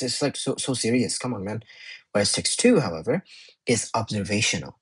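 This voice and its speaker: A man's voice: lowish voice, expressive, brisk, breathy edge, poor audio. A man tutoring English in a casual exam walkthrough, chatty and often correcting himself as he thinks aloud.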